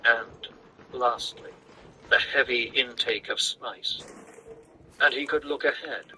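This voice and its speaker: Brief: male audiobook-style reader, crisp and bright, even delivery. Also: medium pitch, slow pace, a little hiss or hum, rough recording. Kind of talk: reading a novel aloud.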